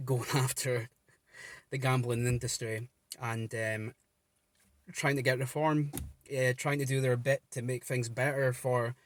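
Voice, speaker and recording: A man talks to camera from inside his car about a support page he runs. He speaks in an earnest, wandering way, full of ums and restarts, at an ordinary middle pitch. The sound is dry and close, with no room echo. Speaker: vlogger running a gambling support page. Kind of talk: casual talk to camera.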